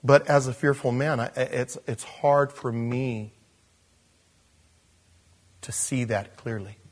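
A man preaching a sermon in an animated, self-deprecating way, chuckling and acting out voices when he quotes people. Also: medium pitch, takes it slowly. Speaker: pastor.

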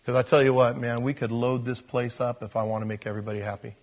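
Male pastor, husky voice, animated sermon delivery, loud-to-soft swings. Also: mid-range voice, fast talker.

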